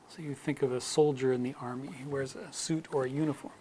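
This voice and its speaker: A teacher with an American accent giving a slide-based pronunciation lesson, modelling example words one at a time and softly whispering some of them. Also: medium pitch, moderate pace, few pauses.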